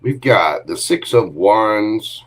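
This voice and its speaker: Male tarot reader hosting a livestream, low-pitched, chatty and affectionate with his audience. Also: expressive, slow pace. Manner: chatty, affectionate, greets viewers with pet names. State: briefly coughing and choked up. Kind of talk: casual livestream tarot reading.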